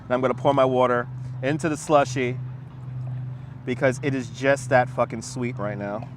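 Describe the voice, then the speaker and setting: A man's voice: medium pitch, fairly even intonation, normal speed, noisy background. A man hosting a casual livestream outdoors, rambling, laughing and swearing while he answers his chat. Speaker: livestream host. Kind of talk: casual live-stream chat while walking. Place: outdoors on a city waterfront. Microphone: wireless lapel mic.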